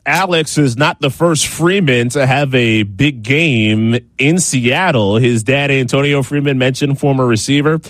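A man anchoring a sports news show, reading scripted segments in a brisk, measured way. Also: mid-range voice, no echo.

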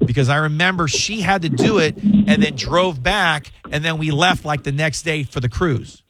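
Speaking at a normal speed with a fairly high pitch, a middle-aged radio host gives advice to callers, rambling and repeating himself with lots of fillers. He's on a studio mic in a radio studio, but the recording is very noisy.

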